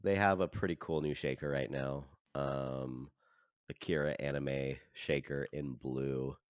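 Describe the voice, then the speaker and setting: Very low, dry-miked male co-host; teasing banter, slow um-filled plugs. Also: steady tone, clean tone, no echo. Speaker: podcast co-host. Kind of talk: casual chat.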